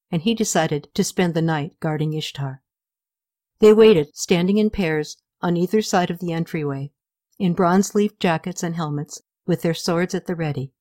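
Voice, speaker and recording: A woman with a lowish voice reads a novel aloud as an audiobook. Her narration is steady and measured. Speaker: audiobook reader. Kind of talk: scripted narration.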